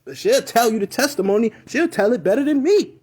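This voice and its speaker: A young man with an extremely high, husky voice speaks a little fast as he animatedly recounts a personal story on a live video. He uses slangy, casual language and imitates the voices of his family members.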